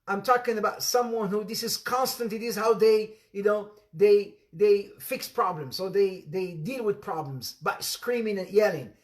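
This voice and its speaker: A man giving an interactive religious lesson, repeating phrases for emphasis, calling on students by name and joking with playful asides. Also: sits high. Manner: laughs often, playful asides. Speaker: Islamic teacher.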